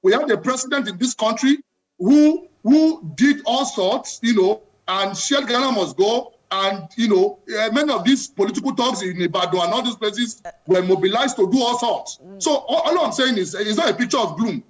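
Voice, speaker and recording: A Nigerian man speaks with a high-pitched voice and fervent, emphatic delivery. He presses his points hard and keeps talking over the host as a live TV guest. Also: animated, normal speed, poor audio. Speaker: studio guest commentator. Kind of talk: impassioned political commentary.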